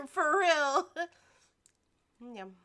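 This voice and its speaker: A woman's voice: sits high, big pitch swings, extremely slow, bright, forceful tone. A woman streamer chatting casually over a video game, giggly and teasing, swearing now and then. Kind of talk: casual gaming chat.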